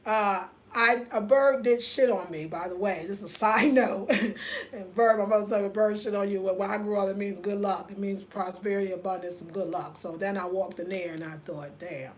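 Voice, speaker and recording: A woman, telling a story in a casual live chat, animated and laughing often, reading viewer comments aloud. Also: medium pitch, normal speed, a little hiss or hum. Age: 50s. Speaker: livestream host.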